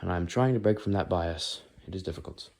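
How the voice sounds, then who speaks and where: A man's voice: low voice, a little fast, creaky, a little mellow. A teenage boy in a casual walk-and-talk vlog, rambling and thinking aloud as he walks, often breaking off mid-thought. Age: teens. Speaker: vlogger. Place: walking, talking on the move.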